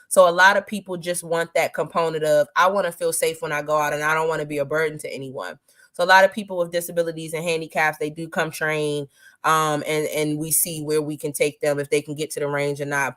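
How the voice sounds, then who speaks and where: Bright-voiced woman firearms instructor. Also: deep voice. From Maryland area. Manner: laughs often, relaxed colloquial speech. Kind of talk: casual interview talk.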